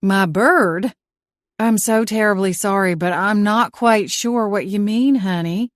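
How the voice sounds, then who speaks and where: A woman voicing a warm shop owner in her forties with a slow, sweet Southern drawl in an audiobook. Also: mid-range voice, dry recording, studio quality, close to an everyday voice. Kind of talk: audiobook character voice.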